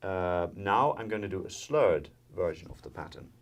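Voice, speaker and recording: A man's voice: low voice, sing-song, normal speed. A man from the Netherlands giving a jazz violin lesson, explaining step by step with frequent fillers and counting in. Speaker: violin teacher. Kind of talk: instructional music lesson. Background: violin and guitar playing.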